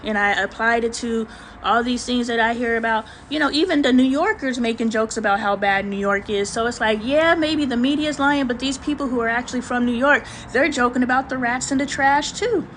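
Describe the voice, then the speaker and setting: A woman's voice: fairly high pitch, a little fast, a bit bright, a little hiss or hum, rough recording. Slangy, emphatic woman livestream host. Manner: slangy, emphatic, preachy asides; greets and answers live chat viewers. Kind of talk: casual livestream chat.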